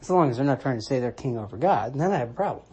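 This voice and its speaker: A commentator giving a reflective solo monologue, measured and deliberate, restating points for emphasis. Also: medium pitch, a little mellow, slightly rough. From United States. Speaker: Christian commentator.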